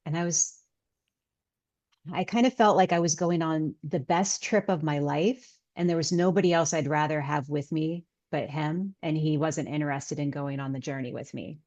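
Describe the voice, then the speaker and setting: Low-voiced woman, earnest storyteller. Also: normal speed, a little mellow, lo-fi sound. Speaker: guest author and healer. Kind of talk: casual interview chat.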